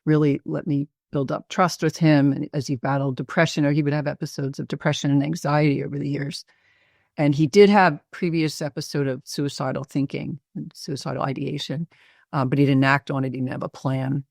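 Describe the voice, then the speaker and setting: A woman physician presenting a patient case in a webinar interview, speaking hesitantly with many pauses and fillers. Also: deep voice, fairly even intonation, creaky, a little mellow, no room sound, clean studio sound.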